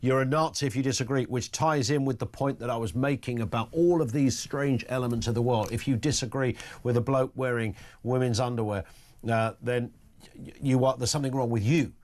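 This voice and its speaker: A man's voice: medium pitch, steady tone, brisk, a little mellow. A middle-aged man hosting talk radio, delivering a rambling, opinionated monologue full of jokey, sardonic asides. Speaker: radio talk show host.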